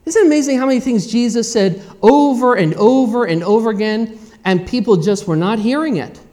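A male pastor preaching a sermon, earnest and repetitive, swinging between quiet passages and loud emphatic ones. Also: very high voice, fairly quick.

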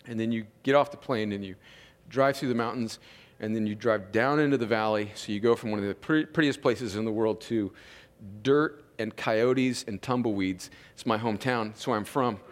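A man's voice: fairly low pitch, normal speed. A pastor from Southern California preaching an earnest, conversational sermon that often turns to his listeners as friends. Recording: long reverb of a large hall.

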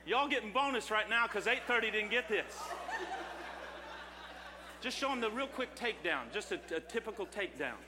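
A male pastor preaching an impassioned sermon at a church service, rising to shouts. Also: high-pitched, expressive, moderate pace, long pauses, long reverb tail, background noise.

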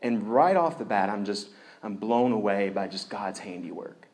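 A man preaching a sermon as a story, animated, going from loud outbursts to hushed tones. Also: lowish voice, moderate pace. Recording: echoey room.

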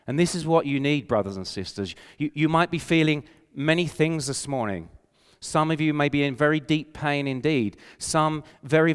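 An older man preaching a sermon with earnest conviction, slowing and softening when he quotes scripture. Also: medium pitch, clean tone. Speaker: pastor. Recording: reverberant hall.

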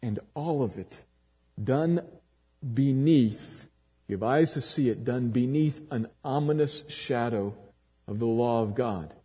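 A man preaching a sermon dramatically, swinging from loud emphatic lines to low, quiet ones. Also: takes it slowly, husky. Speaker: pastor. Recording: long hall reverb.

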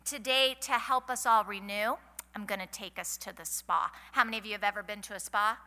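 A middle-aged woman at a women's conference gives a folksy, chatty sermon and puts questions to the audience. Her mid-range voice is steady, brisk, and sharp in tone. It's a live event in a large hall, so hall reverb is audible.

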